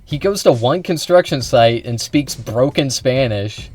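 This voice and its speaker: A man's voice: mid-range voice, expressive, unhurried, a little mellow, breathy edge, faint music behind. A man reacting to a clip as a streamer, talking in a sarcastic, rambling way with frequent restarts and swearing. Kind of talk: casual sarcastic commentary.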